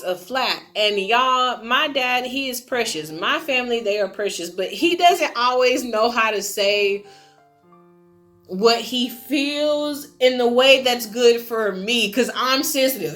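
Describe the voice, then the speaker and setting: A young woman, her voice a little high, talks through a personal story in a loose, chatty way, full of fillers. She gets emotional and now and then breaks into loud exclamations. Faint music plays behind her. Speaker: vlogger. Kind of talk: casual storytime chat.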